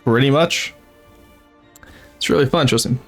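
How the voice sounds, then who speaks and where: A man's voice: medium pitch, a little slow, a bit bright, faint music behind. A young man streaming a strategy game, chatting casually and rambling, laughing often and talking to his chat. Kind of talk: casual gameplay commentary.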